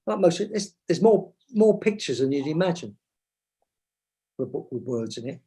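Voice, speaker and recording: A man's voice: fairly high pitch, very animated, moderate pace, mellow, husky. A man, a guest author from advertising, chatting and reading from his book with rambling, self-mocking asides.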